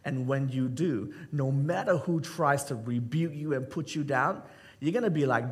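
A man pastor preaching a sermon, joking with the congregation and acting out Bible scenes and everyday skits. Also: mid-range voice. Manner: addresses the congregation with quick asides.

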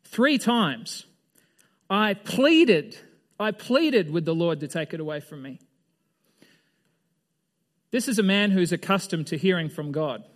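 A man with a notably high-pitched voice preaching a sermon to a gathered congregation. His delivery is loose and conversational, full of questions thrown out to the room. He often restarts or drops a sentence halfway before pressing on. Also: lively intonation, moderate pace, long pauses. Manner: restarts and trails off mid-sentence. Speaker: pastor.

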